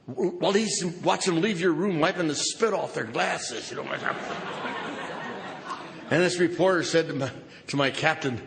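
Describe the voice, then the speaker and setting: A man's voice: fairly high pitch, moderate pace, creaky. Wry older man telling stories in a hall. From Southern California. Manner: storytelling, wry, swings from loud to hushed. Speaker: AA speaker. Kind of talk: recovery meeting talk with humor. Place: large conference hall. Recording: reverberant hall, noisy live recording.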